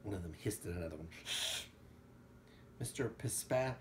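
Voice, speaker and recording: A man reading a storybook aloud at home to a child, with animated storytelling and quick asides. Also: fairly low pitch, a little hiss or hum.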